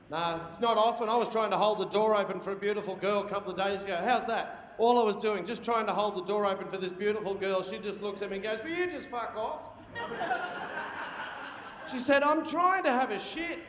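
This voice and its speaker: A man's voice: high-pitched, slight background noise. A man in his forties with an Australian accent doing a crude stand-up routine, teasing the crowd. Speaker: stand-up comedian. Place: large function hall. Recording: echoey hall, loud crowd.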